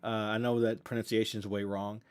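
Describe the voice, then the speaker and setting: A young Southern man hosting his reaction channel's casual livestream Q&A speaks a little fast in a low, level voice that is clear and resonant. His manner is rambling and self-correcting, earnest, and full of gratitude.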